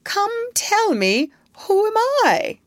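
A woman's voice: mid-range voice, big pitch swings, takes it slowly, creaky, no echo, heavily acted. A woman voicing a proud, brooding male pirate captain in a storybook reading, declaiming theatrically. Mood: wheedling.

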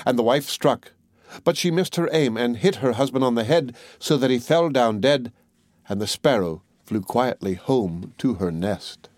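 A man reads a classic fairy tale aloud as an audiobook narrator. His delivery is measured and even, in a mid-pitched voice. The recording is dry and close, with no room sound. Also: no echo. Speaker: audiobook reader. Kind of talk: storybook narration.

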